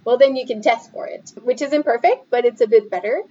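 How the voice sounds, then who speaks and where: Woman in her 30s, kinda high voice, animated storyteller, podcast audio a bit dull. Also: brisk. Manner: animated storyteller, acts out quotes. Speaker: podcast guest. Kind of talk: casual conversation.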